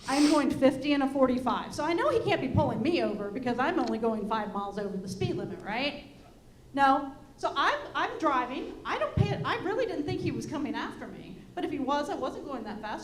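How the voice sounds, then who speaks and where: High-voiced woman in an echoey room. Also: animated, fairly quick. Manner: chatty, engaging the audience with questions. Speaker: panel speaker. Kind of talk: personal storytelling. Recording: echoey room with faint hum.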